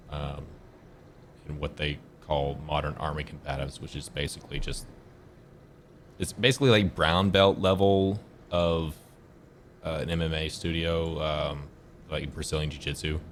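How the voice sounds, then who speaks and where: Male streamer, deep voice, laid-back rambling gameplay commentary with a few swears. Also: steady tone, moderate pace, a bit bright, slight background noise. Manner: rambling, self-correcting storyteller. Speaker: gaming streamer.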